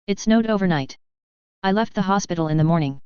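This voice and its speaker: An audiobook narrator reading fanfiction in an even, measured way. The voice is very smooth and clean, recorded dry with no room sound, and the audio is a little dull and lo-fi. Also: mid-range voice, no echo.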